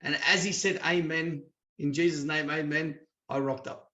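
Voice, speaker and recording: A man's voice: fairly high pitch, moderate pace, highs cut off. A man with an Australian accent, a guest telling stories in a chatty way and acting out the people he quotes. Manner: chatty, acts out quoted dialogue with lively voices. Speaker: interview guest. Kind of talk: casual storytelling.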